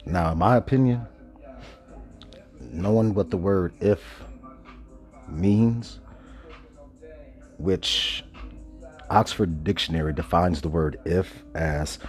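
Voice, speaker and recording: A man hosting a casual monologue podcast, stoned, talking slowly and loosely with many pauses and self-corrections. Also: deep voice, a little mellow. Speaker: podcast host. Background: faint background music.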